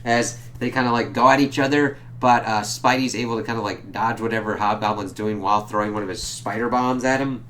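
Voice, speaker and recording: A man casually recapping a comic book issue, loose and profane, jumping up in pitch whenever he quotes a character. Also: fairly even intonation, a little fast, few pauses, fairly bright tone, a little hiss or hum. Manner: loose and profane, jumps higher when quoting characters.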